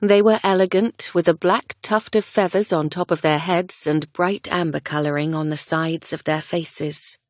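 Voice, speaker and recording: A woman narrating a romance audiobook in a gentle, measured reading. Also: fairly low pitch, steady tone, dry recording. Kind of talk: scripted narration.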